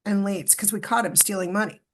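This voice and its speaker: A middle-aged woman from Canada, a podcast guest telling a story in a lively, emotional way and acting out the dialogue. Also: mid-range voice, brisk, slight background noise. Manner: animated, acts out quoted dialogue, emotional retelling. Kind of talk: storytelling in a casual interview.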